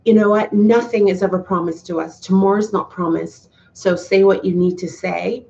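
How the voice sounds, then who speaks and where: A woman chats with her live viewers in a heartfelt, earnest way, circling back and restarting her sentences. Her voice sits at a middle pitch. The sound is slightly dull and lo-fi. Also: steady tone, moderate pace, gravelly, dark tone. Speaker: YouTuber talking to live chat. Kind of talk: casual live-stream chat.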